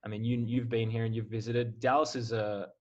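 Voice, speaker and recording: Flat-voiced young Australian man. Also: medium pitch, fairly quick, dull audio. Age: 20s. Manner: relaxed, candid, filler-heavy. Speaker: guest, college football player. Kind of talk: casual podcast interview.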